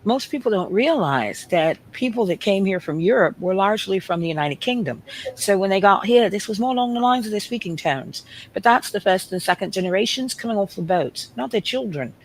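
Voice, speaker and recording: A woman's voice: mid-range voice, animated, fairly quick, a little hiss or hum. A woman from the American South with a Southern accent, explaining confidently and demonstrating as she talks. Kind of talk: explanatory talk clip.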